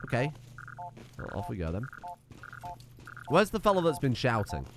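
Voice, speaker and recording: Man, gaming streamer, wry chatty commentary, very animated pitch, casual swearing. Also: moderate pace, background noise. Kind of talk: let's play commentary.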